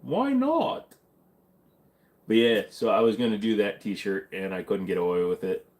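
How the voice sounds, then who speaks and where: A man with a somewhat low voice hosts a relaxed livestream, talking to his viewers into a desk mic. He rambles, cracks jokes and restarts his sentences, loose and unpolished. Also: fairly quick. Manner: loose, joking, rambling with many fillers and restarts. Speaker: livestream host. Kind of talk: casual livestream chat with viewers. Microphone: desk microphone.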